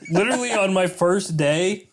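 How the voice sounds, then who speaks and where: A man's voice: sits high, moderate pace, slight background noise. Young-sounding man telling crude stories. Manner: storytelling, crude joking. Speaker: podcast co-host. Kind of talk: casual chat. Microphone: studio microphone.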